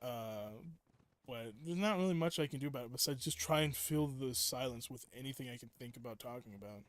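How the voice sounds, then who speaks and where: A man's voice: mid-range voice, fairly quick. A young man chatting casually while live-streaming a game, rambling through stories with lots of fillers and restarts. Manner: rambling, filler-heavy, self-interrupting storytelling.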